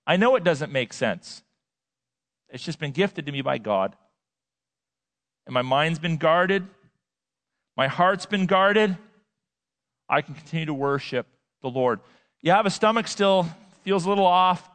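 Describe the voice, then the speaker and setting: A male pastor preaching a sermon, emphatic, swinging between loud and quiet and repeating words for effect. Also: a little high, animated, a little slow, pauses often. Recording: long hall reverb.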